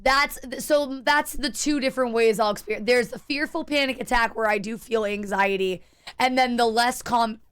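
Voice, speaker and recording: A woman's voice: fairly high pitch, normal speed, fairly bright tone, clear, resonant tone. Candid, rambling woman streamer. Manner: candid, rambling, frequent restarts and swearing. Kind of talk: casual chat while gaming.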